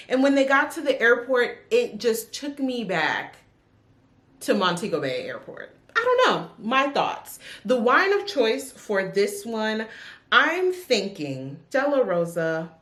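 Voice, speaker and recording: A woman chatting casually about books she has read, sassy and animated, with big swings in her voice. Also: a little high, measured pace. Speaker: book vlogger. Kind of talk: casual book review chat. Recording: echoey room.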